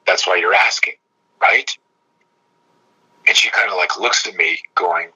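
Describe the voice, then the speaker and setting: A man in his fifties, a self-defense coach telling stories in casual conversation, animated and profane, acting out quoted dialogue. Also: low-pitched, measured pace, pauses often, breathy edge, rough recording.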